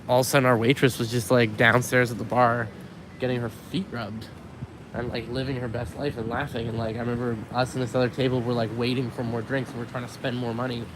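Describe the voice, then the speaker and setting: A man's voice: mid-range voice, level tone, quick pace. Rambling young guy on a city street. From Winnipeg, Canada. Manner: rambling, lots of likes and ums, swears casually. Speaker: vlogger. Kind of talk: casual walking vlog monologue. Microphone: handheld camera rig while walking. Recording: street noise and passing cars. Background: city traffic.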